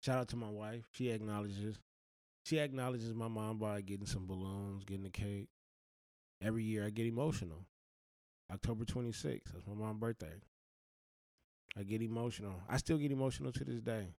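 A man's voice: on the low side, fairly even intonation, fairly quick, a little mellow, no room sound. A man giving earnest, blunt life advice in a slangy, heartfelt monologue.

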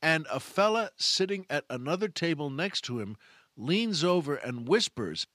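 Man, comedy host, folksy, repetitive, slightly high voice, dry close sound. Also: very animated, normal speed, bright, forceful tone, no echo. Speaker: podcast host and stand-up comic. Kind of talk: comedic monologue.

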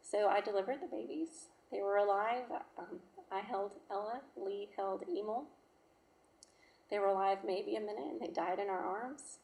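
Woman in her thirties, personal testimony, halting and emotional, roomy echo. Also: mid-range voice, gravelly, a little mellow. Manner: emotional, halting, with fillers and restarts. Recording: echoey room.

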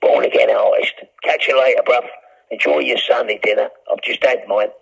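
A man's voice: mid-range voice, normal speed, vocal fry, breathy edge. An older man, a prisoner ranting with heavy swearing in a recorded phone call. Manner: profane, ranting, aggrieved. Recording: muffled prison phone line.

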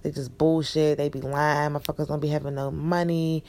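Blunt, gravelly young woman ranting. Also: low voice, fairly quick. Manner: blunt, profane, animated ranting. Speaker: vlogger. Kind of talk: casual ranting monologue.

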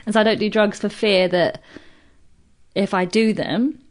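A British woman in her thirties, a comedian guest in casual podcast chat, animated and swearing freely. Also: medium pitch, unhurried. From Britain. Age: 30s. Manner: animated, swears freely, acts out quoted voices.

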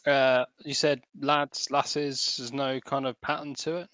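Playful tabletop player. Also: male voice, medium pitch, level tone, a bit bright, no room sound. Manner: playful, quick, in character as a reporter. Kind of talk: playing a tabletop game.

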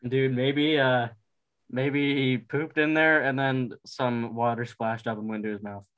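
A man's voice: medium pitch, fairly even intonation, a little slow, clear, resonant tone, lo-fi sound. Joking young man in casual banter. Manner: joking, laughs often, says bro. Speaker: friend in conversation. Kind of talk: casual chat.

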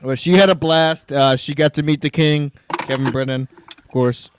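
A man with a high voice who talks in crude, excitable bursts, laughing and swearing as he trades jokes on a podcast. A faint hiss of noise sits under his voice. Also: normal speed. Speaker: podcast co-host. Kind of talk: crude casual banter.

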